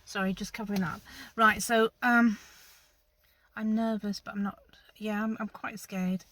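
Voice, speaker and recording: A woman's voice: medium pitch, fairly even intonation, a little slow. A woman, vlogging from inside her car and talking in a rambling, openly nervous way. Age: 60s. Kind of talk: casual talk to camera. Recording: dull audio with loud vehicle noise.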